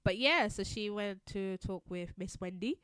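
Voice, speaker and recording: A woman co-hosting a podcast, chatting in a relaxed way with frequent fillers. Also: medium pitch, measured pace, clear, resonant tone, dry recording, studio quality. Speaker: podcast co-host. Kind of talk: casual chat.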